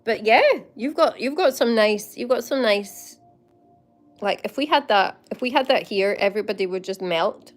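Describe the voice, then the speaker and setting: A woman's voice: medium pitch, moderate pace, faint music behind. A Scottish woman hosting a casual livestream, bubbly and laughing often as she chats to viewers by name. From Scotland. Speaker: livestream host. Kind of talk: casual live chat with viewers.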